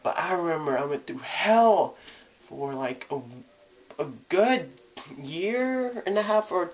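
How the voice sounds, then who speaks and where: With lively intonation and a slow delivery, a young vlogger recounts coming out, candid and casual throughout. He voices the people he quotes through sudden swings in pitch and volume.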